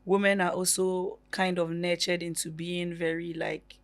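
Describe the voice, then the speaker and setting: A woman co-hosting a podcast, chatting casually and laughing easily in an animated way. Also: on the low side, a little slow. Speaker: podcast co-host.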